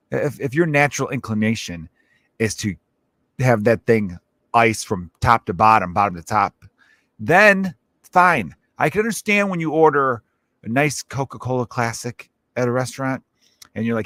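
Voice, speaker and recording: A man's voice: mid-range voice, very animated, a little fast, a bit bright, no echo. A man hosting his own comedy podcast, ranting casually with lots of swearing and rambling asides. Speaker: podcast host.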